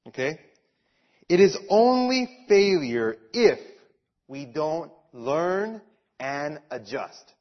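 A man's voice: on the high side, slow pace. Man preaching a sermon, lo-fi. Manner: animated storytelling, repeats key phrases. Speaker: pastor. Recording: dull lo-fi sound.

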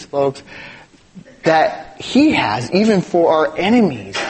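Animated, lively-pitched male pastor preaching. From East Los Angeles, US. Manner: animated, conversational preaching with rhetorical questions. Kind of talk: sermon.

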